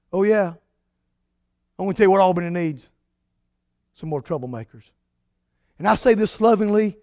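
High-voiced preacher, dry close sound. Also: male voice, no room sound. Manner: emphatic preaching, swinging from loud to hushed. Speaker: pastor. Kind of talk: sermon.

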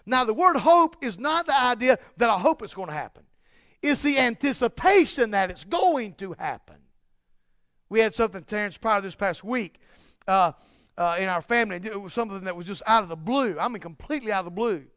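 Man, preacher, very high voice, dry close sound, loud peaks and soft drops. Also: lively intonation, a little fast, no room sound. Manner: rising to loud emphatic peaks, dropping to quiet asides. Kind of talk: sermon.

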